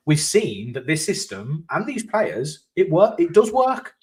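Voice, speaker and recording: Relaxed podcast co-host. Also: male voice, a little high, measured pace. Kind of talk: casual football podcast chat.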